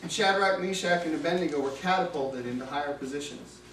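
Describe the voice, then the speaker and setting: A high-voiced man preaches a sermon as a dramatic, animated story. The recording is echoey and distant, with a faint hiss underneath. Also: quick pace.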